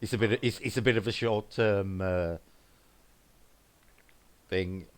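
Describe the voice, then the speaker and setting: A man's voice: on the low side, steady tone, measured pace. A man with a Black Country accent, co-hosting a paranormal livestream and chatting casually, reading viewer comments aloud and rambling with frequent restarts. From English Midlands.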